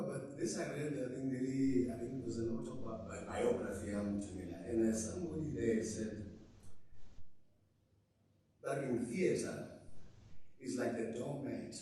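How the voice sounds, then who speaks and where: A man's voice: mid-range voice, a little mellow, a little hiss or hum. A man giving a rambling, informal memorial speech in a theater, breaking into sudden emphatic bursts. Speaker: speaker at a memorial service. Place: theater auditorium. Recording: echoey theater hall, mic at a distance.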